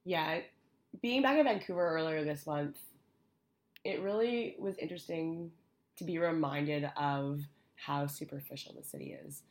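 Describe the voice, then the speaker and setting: Woman, podcast co-host, casual storytelling, very low voice. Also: measured pace. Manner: storytelling, animated asides. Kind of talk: casual chat.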